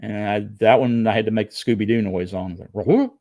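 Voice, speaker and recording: Gravelly-voiced man in his sixties telling a story. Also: on the low side, quick pace. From South Carolina. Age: 60s. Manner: animated, acts out his own excited thoughts. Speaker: podcast guest. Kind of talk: casual storytelling.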